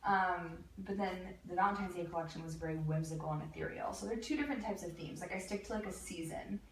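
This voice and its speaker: A woman with a lowish voice tells lively stories as a guest in a casual chat, laughing often. She sits away from the mic in an echoey room with faint noise behind her. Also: fast talker, distant mic. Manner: animated storyteller, laughs often. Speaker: guest, lingerie designer.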